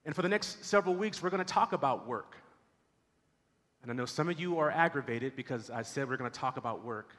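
A man's voice: medium pitch, fairly bright tone, long reverb tail. A man preaching a sermon as pastor, telling a story and doing voices for its characters. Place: church sanctuary.

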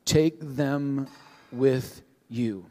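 A male pastor giving a sermon to his congregation in a conversational, animated way, with frequent restarts. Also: mid-range voice, very slow. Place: church sanctuary with a live congregation. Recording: long hall reverb.

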